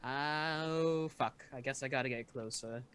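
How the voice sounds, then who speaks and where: A woman's voice: very deep voice, unhurried, clean tone. A woman playing in a tabletop game, blunt and jokey, with crude asides. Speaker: player. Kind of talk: casual tabletop play.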